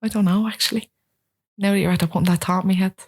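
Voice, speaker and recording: Speaking fast in a medium pitch, this Irish guest in her thirties, with a Dublin accent, brings her stories to life in a relaxed interview, performing the voices of the people she quotes.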